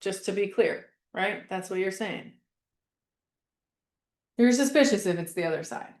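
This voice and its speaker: A woman's voice: medium pitch, animated, a little slow, darkish tone, roomy sound. A woman leading a class in a casual coaching style, speaking emphatically, repeating herself for effect and swearing casually. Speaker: class facilitator.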